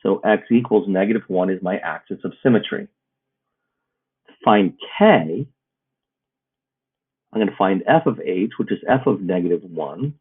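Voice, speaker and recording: A man with a low, husky voice teaches a math lesson in a recorded video, working through problems step by step. He explains steadily at a normal speed, pausing often, and the audio sounds muffled, like a phone.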